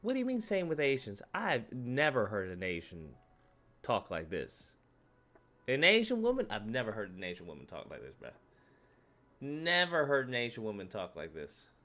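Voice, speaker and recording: A man hosting a livestream, reacting to clips in casual, animated commentary and repeating his phrases. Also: mid-range voice, moderate pace.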